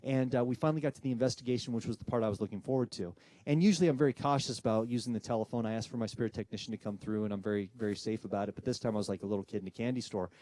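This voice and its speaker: A man who works as a paranormal investigator, telling a personal ghost story with animated, dramatic delivery and acting out the voices of people in the story. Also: mid-range voice, no echo. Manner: dramatic pauses and tension building.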